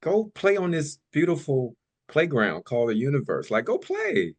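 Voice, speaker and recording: A man, a podcast guest, telling stories in a casual, animated way, often filling in with "you know" and "like", and laughing easily. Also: on the high side, normal speed, gravelly. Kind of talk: casual storytelling chat.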